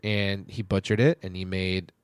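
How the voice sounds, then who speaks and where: Animated storytelling man, dry close sound. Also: low voice, normal speed, clean tone, no room sound. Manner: animated storyteller, swears, acts out family voices. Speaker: podcast co-host. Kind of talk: casual chat.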